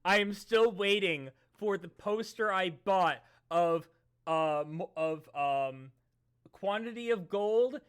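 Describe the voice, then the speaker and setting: A man chatting casually and reading a webcomic aloud, often bursting into loud theatrical readings. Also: sits high, slow pace, clean tone. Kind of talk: casual chat and comic read-along.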